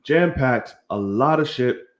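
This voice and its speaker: Young man, podcast host, lively swinging pitch, casual, swearing, chatty. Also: slow. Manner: animated, swearing, hyping the channel. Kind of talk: casual chat.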